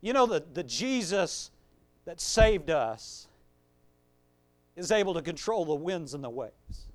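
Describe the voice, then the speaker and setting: A pastor preaching a sermon, reading scripture and swelling into loud, emphatic preaching with conversational asides. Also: male voice, a little high, big pitch swings, normal speed. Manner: conversational asides with fillers and restarts.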